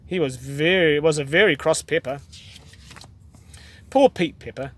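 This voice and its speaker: A man with a New Zealand accent reading a children's picture book aloud, gently and expressively. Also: on the high side, measured pace. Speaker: storyteller dad.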